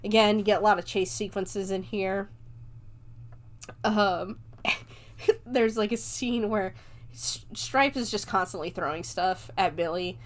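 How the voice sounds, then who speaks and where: A woman's voice: medium pitch, slow, pauses often. A young woman hosting a podcast, chattily recapping a movie with lots of fillers and casual swearing. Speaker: podcast host.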